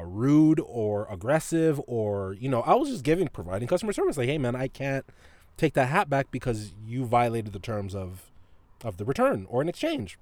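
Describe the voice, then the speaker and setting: A man's voice: mid-range voice, dry recording. Guy on his podcast telling a work story, cussing a lot, laughing, voice all over the place, dry room. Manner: profane, laughs often, animated retelling. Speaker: podcast host. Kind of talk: casual storytelling monologue.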